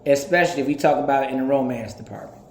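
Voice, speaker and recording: A man in his thirties talking in a casual, animated, profane podcast monologue, laughing often. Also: medium pitch, quick pace, reverberant, a little hiss or hum. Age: 30s. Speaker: podcast host.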